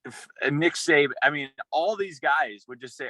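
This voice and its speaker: A young man, a former college football player, telling a rambling, excited story in a casual interview, with many restarts. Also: fairly high pitch, normal speed, no room sound, rough recording.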